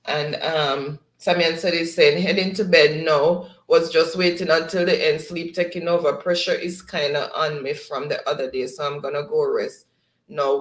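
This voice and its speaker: A woman's voice: sits low, echoey room, low-quality recording. A Jamaican woman hosting a livestream, chattily reading out viewer comments and laughing often. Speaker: livestream host. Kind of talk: reading viewer chat aloud.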